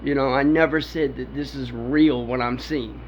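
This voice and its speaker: A man's voice: medium pitch, steady tone, normal speed. A man telling a personal story in a rambling, profane way, often laughing. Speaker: storyteller recounting a personal encounter. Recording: dull lo-fi with faint background noise.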